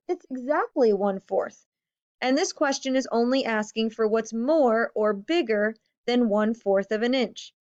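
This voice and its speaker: A woman teaching a recorded math lesson to fifth graders, patient, stressing key words and counting slowly. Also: a little high. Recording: slightly dull lo-fi audio.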